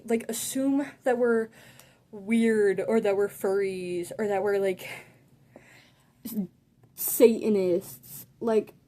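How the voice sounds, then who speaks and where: A teenage girl rants through a casual storytime, her voice sitting a little high. She talks with sass and animation, filling her sentences with "like" as she reacts to everything. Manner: sassy, animated, heavy use of "like". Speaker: vlogger.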